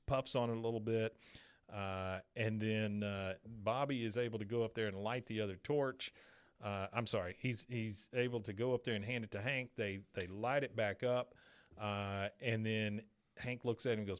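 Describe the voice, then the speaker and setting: A man's voice: lowish voice, clean tone. Man retelling a cartoon episode. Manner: retells scenes, briefly acting out the characters' lines. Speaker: podcast co-host. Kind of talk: casual chat recapping a cartoon episode.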